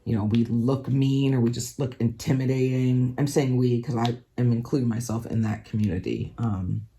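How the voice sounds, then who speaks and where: Hoarse woman chatting casually. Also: rumbling low, fairly even intonation, moderate pace, warm tone, slight background noise. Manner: rambling, lots of ums and likes. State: hoarse, scratchy throat. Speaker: craft vlogger. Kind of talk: casual chat.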